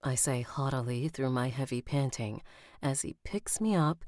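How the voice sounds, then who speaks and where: A woman's voice: very deep voice, moderate pace, a little mellow, dry recording, clean studio sound. A woman recording an audiobook on a live stream, rereading lines and stopping to comment and laugh at herself. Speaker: audiobook narrator.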